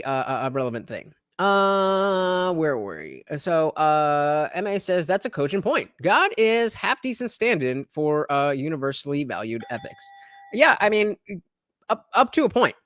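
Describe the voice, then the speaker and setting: Livestream host, man from New Jersey, very lively pitch, casual rambling chat commentary. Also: clear, resonant tone, no echo, studio quality. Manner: rambling, lots of fillers, animated.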